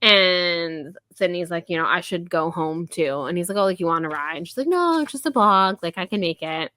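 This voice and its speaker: Chatty millennial woman, bright dry voice. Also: on the low side, lively intonation, no room sound. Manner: chatty, filler-heavy, laughs often, paraphrases scenes in quick voices. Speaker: podcast co-host. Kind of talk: casual book-review chat.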